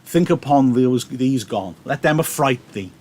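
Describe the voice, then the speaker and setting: A man reads out a reckless young man at the edge of despair, fierce and grieving. He declaims old verse in a plain, mid-pitched voice. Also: lively intonation, measured pace, darkish tone, husky. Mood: desperate. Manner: theatrical verse reading.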